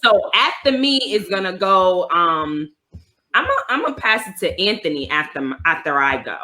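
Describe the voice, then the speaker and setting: Bright-voiced New York woman co-host. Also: on the low side, moderate pace. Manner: animated, rambling, laughing often. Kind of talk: casual chat on a video call.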